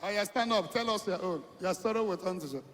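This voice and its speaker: A man's voice: sits high, quick pace, fairly bright tone. A Nigerian man preaching as an evangelist, coaxing his congregation and repeating phrases as he calls people to stand. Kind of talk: sermon with congregation call-and-response. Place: large church hall. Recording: long reverb of a church hall.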